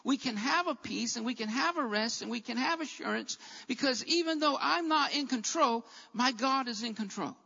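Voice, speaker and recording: A man preaching a sermon as a Bible teacher, with an emphatic, repetitive cadence that rises to shouts. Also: very high voice, expressive, normal speed, gravelly, few pauses, in a large hall, lo-fi sound.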